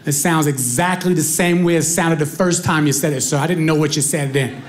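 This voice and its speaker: High voice comic guy on stage, animated story, noisy live recording. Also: fairly quick. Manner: animated storytelling, addresses crowd. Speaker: stand-up comedian. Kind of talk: stand-up comedy. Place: comedy club stage.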